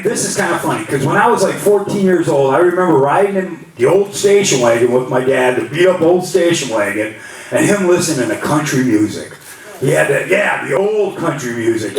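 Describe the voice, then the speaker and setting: A middle-aged man doing a stand-up comedy set, telling rambling stories and acting out the voices of the people in them. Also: fairly high pitch. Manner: rambling storytelling, acts out voices. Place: comedy club stage. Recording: roomy hall, mic from a distance, loud crowd. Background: audience laughter.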